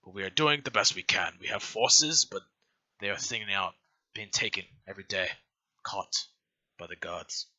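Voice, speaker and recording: A man voicing a weary male rebel leader who talks in a gruff, grim, worn-down way. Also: lowish voice, expressive, moderate pace, pushed and bright, muffled recording.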